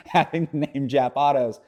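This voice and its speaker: A man's voice: medium pitch, slow, dark tone. A man vlogging casually, joking around, swearing often and rambling. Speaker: car vlogger. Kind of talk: casual vlog talk.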